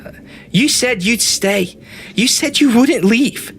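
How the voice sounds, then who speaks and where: A man voicing a gruff, stubborn but protective male dwarf fighter in a tabletop game. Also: very high-pitched, animated, slow pace, fairly bright tone, slight background noise, voice pushed up, full character voice. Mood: gentle. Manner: gruff, calls people lass.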